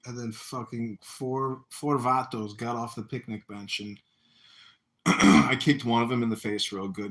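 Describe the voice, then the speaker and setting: A man hosting a casual livestream chat, telling rambling stories and loudly acting out what people said. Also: medium pitch, fairly even intonation, measured pace. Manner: rambling storyteller, acts out quotes loudly. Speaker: livestream host. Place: apartment. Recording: echoey room.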